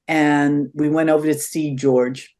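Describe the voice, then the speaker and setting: A woman's voice: sits low, measured pace. An older woman, an interview guest, telling stories in a conversational way and acting out what people said. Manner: animated storyteller acting out quotes.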